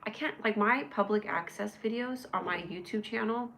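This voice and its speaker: At normal speed, a woman with a medium-pitched, slightly bright voice hosts a casual livestream, with a bit of background noise. Bubbly and rambling, she reads out comments and answers her viewers by name.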